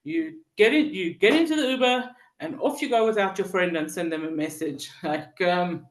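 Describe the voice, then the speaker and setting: A mid-pitched teacher leads a Torah lesson on Psalms. The delivery halts over fillers and restarts and breaks into small acted-out stories. The sound carries a roomy echo, as if recorded in a synagogue hall. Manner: halting, with many fillers and restarts; tells stories and acts out the people in them.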